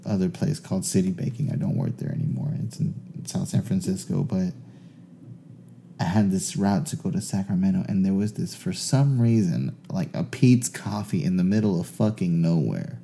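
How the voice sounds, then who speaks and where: A man's voice: low-pitched, moderate pace, gravelly, slight background noise. A man telling a long casual story, swearing freely and laughing as he goes. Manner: animated, profane, laughs through his stories.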